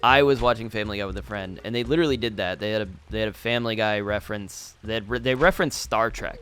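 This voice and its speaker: A man's voice: on the low side, fast talker, fairly bright tone, faint music behind. A young man talking casually over a game he is playing, rambling and meandering as he goes. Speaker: let's play host. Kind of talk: casual gameplay commentary.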